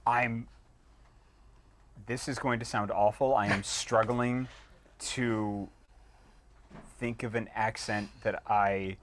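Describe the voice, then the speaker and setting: A man's voice: lowish voice, steady tone, slow, pauses often, noisy background. A man talking in a sheepish, self-deprecating way.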